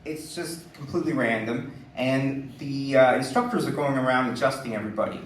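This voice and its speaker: A man's voice: medium pitch, a little fast, slight background noise. A man in his forties telling a personal story live on stage, chatty and laughing, with many "like" fillers. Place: live stage before an audience. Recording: roomy distant live-stage recording.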